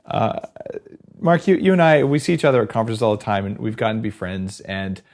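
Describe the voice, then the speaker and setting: Excitable male podcast host. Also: lowish voice. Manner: excited, storytelling, quick asides. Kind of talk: casual interview chat.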